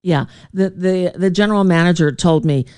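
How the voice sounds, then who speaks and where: A woman's voice: fairly low pitch, normal speed, darkish tone, clear, resonant tone, no room sound. A woman radio host telling a story in a casual, digressive way, often laughing and reacting to a live chat.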